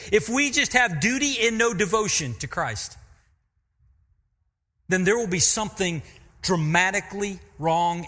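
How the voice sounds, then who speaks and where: A man's voice: a little high, bright, forceful tone, long reverb tail. A man preaching a sermon as pastor in a church, speaking emphatically, asking rhetorical questions and repeating key phrases. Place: church sanctuary.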